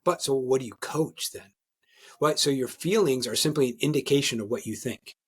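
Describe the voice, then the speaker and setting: A man talking as a guest coach in a podcast interview, energetic and emphatic, often tagging his points with "right?" and restarting words as he gets going. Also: medium pitch, moderate pace, breathy edge. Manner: repeats and restarts words when excited.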